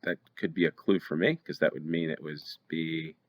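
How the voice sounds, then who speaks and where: An American game show host runs a play-along geography game, his deep, rumbling voice moving at a normal pace with fairly even intonation. He thinks out loud through each guess, pausing on hesitant ums.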